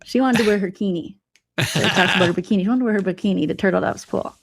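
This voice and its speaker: A woman's voice: medium pitch, very fast, vocal fry, a crowd in the background. A woman hosting a livestream, telling gossip in a mocking comedic style. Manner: mocking, animated, puts on voices for quotes. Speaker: livestream host.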